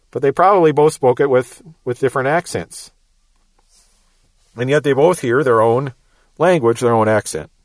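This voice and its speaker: A man's voice: medium pitch, no echo. A man with a Midwestern American accent teaching the Bible verse by verse, explaining patiently and repeating words as he goes.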